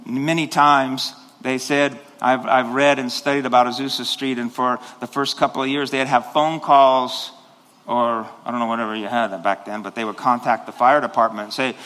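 A man's voice: mid-range voice, steady tone, moderate pace, fairly bright tone. A man preaching a sermon as pastor, rambling with restarts and then rising into sudden passionate bursts. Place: church sanctuary. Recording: long hall reverb.

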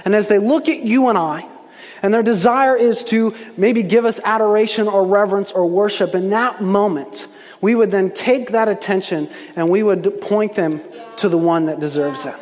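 A man's voice: high-pitched, normal speed, a little mellow. A young adult man preaching a sermon, telling a story and acting out the quoted voices with animation. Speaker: pastor. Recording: long hall reverb.

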